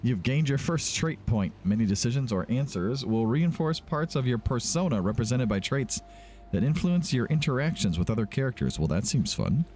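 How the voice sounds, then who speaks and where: A man's voice: medium pitch, big pitch swings, moderate pace, darkish tone, a little hiss or hum. A man casually hosting a let's-play video, reading the game's text aloud with chatty asides. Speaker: gaming video host.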